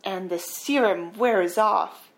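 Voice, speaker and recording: A woman host casually retelling a film's plot, chatty and quick to laugh. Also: mid-range voice. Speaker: podcast host. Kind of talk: casual film recap.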